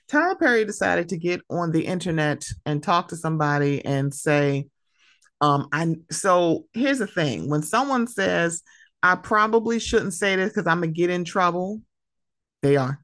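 A woman's voice: deep voice, gravelly, dry recording, clean studio sound. A woman hosting her own podcast, talking casually and with feeling, telling stories about friends. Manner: emotional, tearful at times, animated storytelling. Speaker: podcast host. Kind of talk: casual solo podcast monologue. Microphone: close podcast mic.

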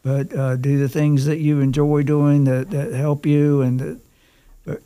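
A man in casual podcast chat, halting and searching for words. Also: fairly high pitch, flat delivery, warm tone, clean tone. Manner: halting, full of fillers and restarts. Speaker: podcast guest or co-host.

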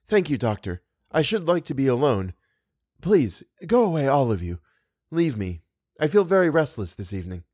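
A man voicing a fragile young female opera singer who speaks softly and tremulously, close to a whisper. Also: medium pitch, sing-song, moderate pace, no room sound. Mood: agitated. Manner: soft, tremulous, near a whisper.

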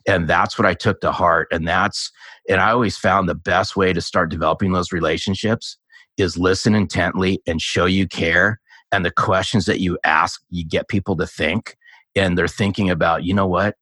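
Male guest in his 50s, low voice with a bright edge, dry close mic, lively storyteller. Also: normal speed, dry recording. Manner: animated storyteller, acts out quoted dialogue. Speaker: podcast guest, sales author. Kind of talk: casual storytelling interview.

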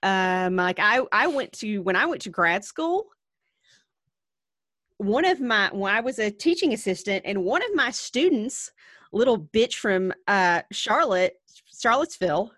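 A woman with a softened Southern Appalachian accent, co-hosting a podcast and telling blunt stories. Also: mid-range voice, lively intonation, unhurried, no echo, clean studio sound. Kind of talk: casual chat.

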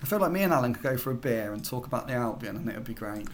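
A man's voice: mid-range voice, animated, racing. Chatty man, podcast co-host. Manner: chatty, hesitant, many restarts and fillers. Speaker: podcast co-host, football journalist. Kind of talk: casual podcast chat.

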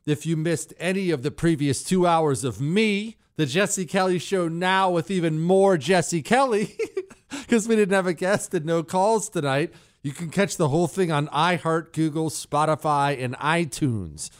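A man's voice: fairly high pitch, a little slow. A man in his forties hosting a solo talk radio show, ranting sarcastically and mocking with bursts of laughter.

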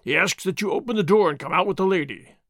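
A blustering army sergeant from an old adventure story, loud and commanding, as a man reads him aloud. The voice is a bit raised and forceful. It is recorded close and dry. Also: high voice, fast, dry recording.

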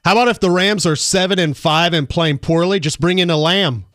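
A man's voice: high voice, a little fast, noisy background. A man who drops in on a sports radio show, making sarcastic wisecracks in casual banter. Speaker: sports reporter dropping by.

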